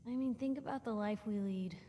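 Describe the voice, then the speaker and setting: A woman voicing a chatty, nosy young reporter who talks quickly and frankly. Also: medium pitch, dark tone, natural voice. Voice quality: chatty, quick, self-conscious. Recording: game audio with reverb and faint hiss.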